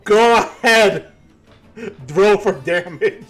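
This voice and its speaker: A man's voice: sits high, slow, a bit bright, faint music behind. A man running a tabletop game as game master, narrating in a casual, joking way.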